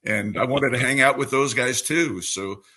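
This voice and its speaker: A man's voice: medium pitch, normal speed, slightly rough. Polished older announcer man from New York. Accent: New York, mostly trained away. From New York City. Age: 70s. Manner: relaxed anecdotal storyteller with a polished announcer delivery. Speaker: baseball radio broadcaster, guest. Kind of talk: storytelling interview answer.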